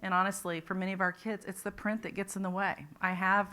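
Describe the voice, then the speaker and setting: A woman's voice: mid-range voice, flat delivery, fast talker, sharp tone. A woman presenting a literacy talk at a conference, explaining ideas step by step with frequent restarts. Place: conference room.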